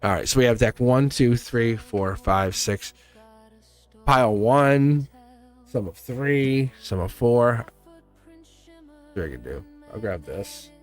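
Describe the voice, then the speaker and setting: A man's voice: medium pitch, lively intonation, takes it slowly, pauses often, faint music behind. A man with a Boston accent giving a casual, blunt live tarot reading, laughing often and swearing now and then. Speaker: tarot reader.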